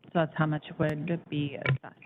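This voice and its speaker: A woman's voice: low voice, steady tone, moderate pace. A woman on county staff giving budget figures at a public meeting in a matter-of-fact way. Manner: matter-of-fact, careful with numbers. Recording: tinny phone-like audio with faint hiss.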